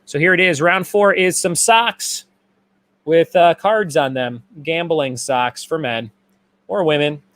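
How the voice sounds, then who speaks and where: A man with a slightly high voice hosts a live-streamed trivia night. He reads answers and questions as lists and repeats them for the players. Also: slow, a bit bright, no echo. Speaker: trivia host.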